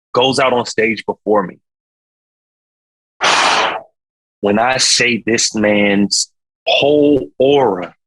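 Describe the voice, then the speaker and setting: A young man, a singer, talking as a guest in a casual interview, telling a story in an animated, slangy way with sound effects. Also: mid-range voice, slightly rough, poor audio.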